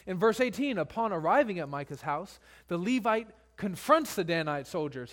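A man's voice: sits high, very animated, normal speed, few pauses, a bit bright. A male pastor preaching a sermon, retelling scripture in casual everyday speech.

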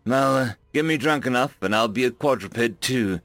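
A man voicing a shaken human man who sees himself as a coward, telling his story in a rueful, halting way. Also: mid-range voice, a bit bright, no room sound, faint music behind, lightly acted.

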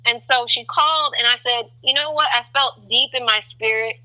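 On a faith talk show, a female guest animatedly tells her testimony at a normal speed, performing different voices with large swings in pitch. The audio quality is poor.

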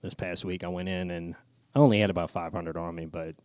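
A man co-hosting a podcast in casual chat, an animated storyteller who acts out scenes and laughs as he goes. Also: deep voice, brisk, dry recording, studio quality. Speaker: podcast co-host.

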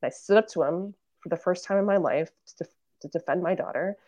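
A woman's voice: on the low side, fast, a little mellow, no echo. A woman in her thirties, a podcast guest, earnestly telling a family story in casual conversation and acting out what relatives said. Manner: earnest storytelling, acts out quoted family members.

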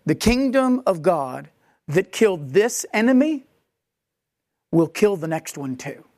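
A woman preaching a sermon in a conversational, animated way, with quick asides and playful acted-out quotes. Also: on the low side, dry recording, studio quality.

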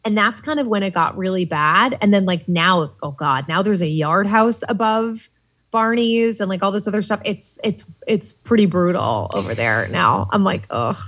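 Female guest, husky, casual storyteller, salty and animated, filler-heavy delivery. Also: mid-range voice, moderate pace. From Boston, USA. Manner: animated, swears freely, many "like" fillers. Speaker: podcast guest.

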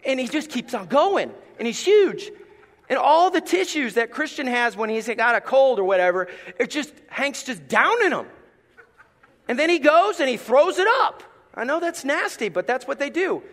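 Middle-aged pastor guy preaching, high voice swinging all over, echoey church hall. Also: moderate pace. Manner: animated storytelling, playful asides. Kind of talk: sermon.

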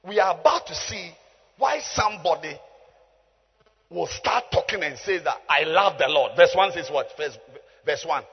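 A man preaching an emphatic call-and-response sermon that builds to shouted declarations. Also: fairly high pitch, animated, moderate pace, husky. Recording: reverberant hall, muffled sound, faint music.

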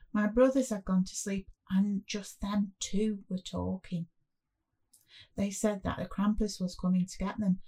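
Slow, husky woman narrating a story. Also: mid-range voice, mellow. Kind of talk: first-person story narration.

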